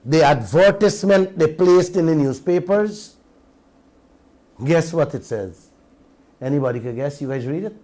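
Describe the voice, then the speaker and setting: A middle-aged Guyanese man on a radio talk show, who speaks slowly and deliberately in a somewhat high voice. He preaches to his listeners with one rhetorical question after another. He slides between standard English and local creole. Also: expressive, mellow. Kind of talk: impassioned radio commentary.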